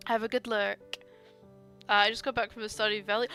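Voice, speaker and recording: A woman's voice: mid-range voice, level tone, fairly quick, pauses often, bright, forceful tone, soft background music. A young woman chatting casually while drawing on stream, rambling with many fillers and frequent laughs, gushing about art. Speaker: artist streamer.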